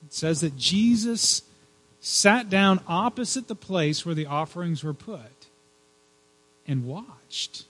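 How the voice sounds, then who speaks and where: A man's voice: sits high, expressive, slow pace, a bit bright, rough recording. A male pastor giving a sermon in a conversational way, with frequent fillers and repeated words.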